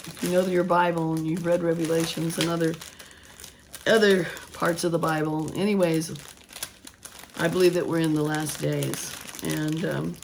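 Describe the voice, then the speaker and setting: A woman with a hoarse voice, rambling casually as she works on a craft project and later preaching earnestly. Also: fairly low pitch, darkish tone, slight background noise. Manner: rambling, thinking aloud with restarts; earnest preaching about faith. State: hoarse, voice still gone after illness. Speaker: craft vlogger. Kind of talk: casual craft vlog talk.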